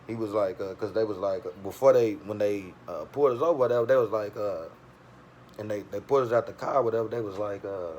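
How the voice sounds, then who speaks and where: A man's voice: fairly low pitch, a little fast, a little hiss or hum. Profane, streetwise man telling a story. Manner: streetwise, profane, animated retelling with quoted voices. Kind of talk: casual storytelling.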